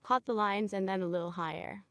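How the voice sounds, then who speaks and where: A woman teaching a cosmetology procedure, guiding a student step by step and checking in with quick questions. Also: mid-range voice, fairly even intonation, no room sound, clean studio sound. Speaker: cosmetology instructor. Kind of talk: hands-on training demonstration.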